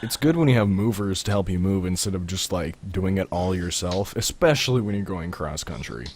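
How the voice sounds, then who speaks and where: Casting note: male podcast co-host with a lowish voice and a teasing, joking delivery. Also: animated, fairly quick, a little mellow, a little hiss or hum. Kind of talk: casual podcast chat.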